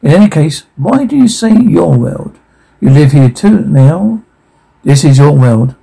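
A blunt Viking chieftain, read out by a man in a husky, gravelly voice. The tone is dark and mellow, and the lines come out flat rather than fully acted. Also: a little high, unhurried, exaggerated voice, poor audio. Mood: questioning.

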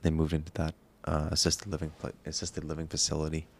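Deep gravelly man in his twenties. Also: completely flat delivery. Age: 20s. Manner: halting, soft-spoken, many pauses and fillers. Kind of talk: casual chat.

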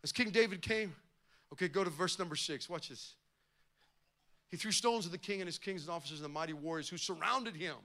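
A man's voice: high-pitched, a little fast, sharp tone. A male pastor preaching a sermon with impassioned, rising emphasis.

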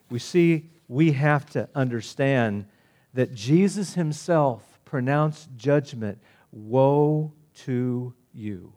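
A man preaching a sermon, swinging between loud emphatic declarations and hushed, gentle appeals. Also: mid-range voice, takes it slowly.

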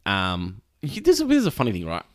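Casting: lower-pitched man, very lively intonation, chatty podcast co-host who laughs a lot, dry close sound. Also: brisk, no echo. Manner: animated, laughs often, many fillers. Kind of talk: casual chat.

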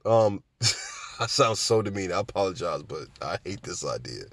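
Male commentator, sarcastic and lively, with a dry, close-miked sound. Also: on the low side, fairly quick, dry recording. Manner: animated, sarcastic, acts out voices. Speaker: commentator on cannabis news. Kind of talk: casual commentary.

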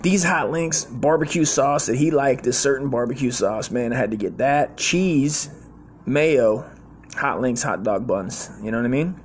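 A man's voice: mid-range voice, a little hiss or hum. A man in his forties telling a rambling, slangy, profane story in a casual way.

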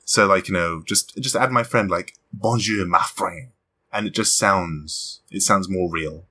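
A man hosting a casual chat, animated and quick to laugh. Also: low-pitched. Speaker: podcast host.

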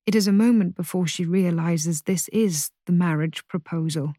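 A woman narrating a historical novel as an audiobook in a measured, even reading voice. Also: lowish voice, no echo, studio quality. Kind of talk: scripted narration.

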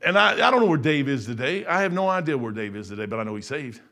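A middle-aged man preaching a sermon in a folksy, emphatic way, repeating phrases and swinging between raised passages and quiet asides. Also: mid-range voice, big pitch swings, fast.

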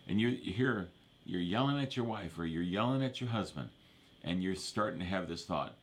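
Low-voiced male pastor, chatty sermon delivery, checks in with listeners. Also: lively intonation, normal speed. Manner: repeats verses, asks for amens, conversational preaching.

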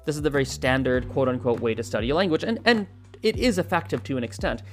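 Animated language coach, faint music behind. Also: medium pitch, quick pace. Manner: animated, acts out little learner dialogues, repeats words while thinking. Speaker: language-learning video host. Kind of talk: casual explainer lesson.

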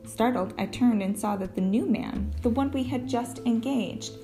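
Female audiobook narrator, first-person storytelling, slight fry, faint guitar. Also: fairly high pitch, moderate pace, warm tone. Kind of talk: scripted narration.

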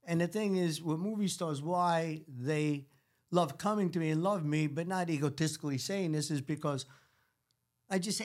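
Brash New York Italian man, higher voice, guest telling lively stories. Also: moderate pace. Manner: animated, acts out quotes, swears freely. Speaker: celebrity hair stylist guest. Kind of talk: casual storytelling chat.

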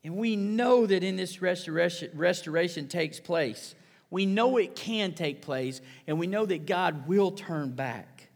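A man preaching a sermon to his congregation, passionate, dropping to a hush and then rising loud. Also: fairly high pitch, a little slow, creaky. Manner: impassioned preaching, swinging from hushed to loud. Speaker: pastor. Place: church sanctuary. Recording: long hall reverb.

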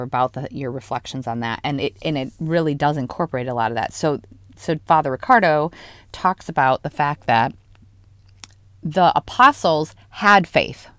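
A woman co-hosting a casual faith podcast, retelling stories in an animated, lively way. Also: rumbling low, no echo. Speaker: podcast co-host.

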